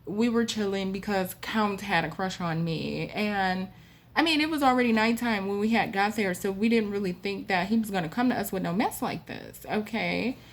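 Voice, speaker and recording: A woman host telling a spooky personal story in a chatty, animated way with frequent asides to the listener. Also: mid-range voice, moderate pace. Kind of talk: casual storytime.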